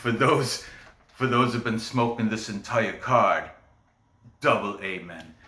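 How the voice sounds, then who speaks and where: A low, drawling British man on a smoke break, preaching amens in a roomy echo, with a bright edge to the tone, as an American podcaster puts him on. slow and mock-solemn, like a sermon given over a cigarette. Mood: mock-preachy. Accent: British, imitated.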